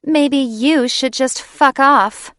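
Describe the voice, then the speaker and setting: A woman's voice: a little slow, no echo, clean studio sound, natural voice. A woman voicing a haughty, spiteful female griffin shifter who sneers and shrieks her lines. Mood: sneering. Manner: sneering, shrill and venomous.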